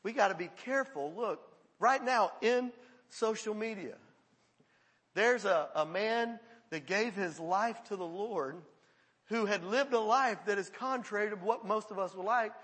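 Bright high-voiced preacher in a hall. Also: male voice, unhurried, husky. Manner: conversational, acts out quoted voices, laughs often. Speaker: pastor. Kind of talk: sermon.

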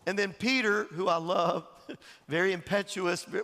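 A man preaching a sermon, telling stories in an animated way and often chuckling as he talks. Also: high-pitched, a little fast, creaky, long reverb tail. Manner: animated storytelling, chuckling, acting out quotes. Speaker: pastor.

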